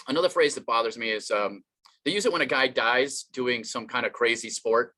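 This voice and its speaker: Bright-voiced rambling stand-up comic man. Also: mid-range voice, a little fast. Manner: rambling, self-deprecating, many fillers and restarts. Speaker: stand-up comedian. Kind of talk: online stand-up set.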